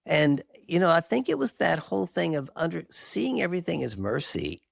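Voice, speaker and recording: Animated gravelly middle-aged man. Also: fairly high pitch, moderate pace, few pauses, no echo, studio quality. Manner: animated, earnest testimony with self-deprecating laughs. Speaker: marriage therapist guest. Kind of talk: candid storytelling interview.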